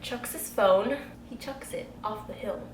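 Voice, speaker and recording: A young woman, telling a story to camera in a casual, animated way and swearing freely. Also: mid-range voice, measured pace. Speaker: beauty vlogger telling a story. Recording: echoey room, faint background noise.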